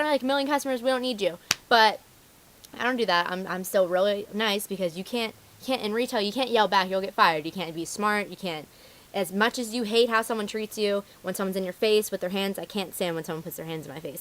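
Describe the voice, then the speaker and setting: A woman's voice: medium pitch, a bit bright. A young woman who works retail, telling stories about rude customers in a casual vlog and acting out their voices. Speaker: retail phone store worker.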